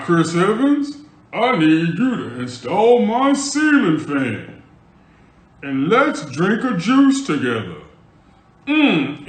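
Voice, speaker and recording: A man voicing a big, flirty woman trying to seduce her hired date, with slow, sultry, drawn-out delivery. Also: sits high, echoey room, full character voice, low-quality recording.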